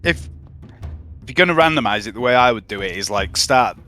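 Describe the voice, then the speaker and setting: A man's voice: medium pitch, lively intonation, a little fast, sharp tone. A man chatting casually as a player in a tabletop game, sometimes hesitant as he works things out.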